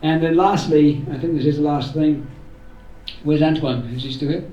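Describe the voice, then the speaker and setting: In a roomy community hall, a man organising the event offers a casual thank-you to the crowd, drifting a bit and tossing in jokes. His voice sits a little high, mellow and steady, at normal speed. The distant recording sounds muffled, with soft music playing underneath.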